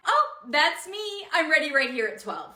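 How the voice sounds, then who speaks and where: A woman's voice: high-pitched, very animated, moderate pace, bright, forceful tone, full character voice. A woman voicing a rude, entitled customer who talks in an impatient, demanding way. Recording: echoey room.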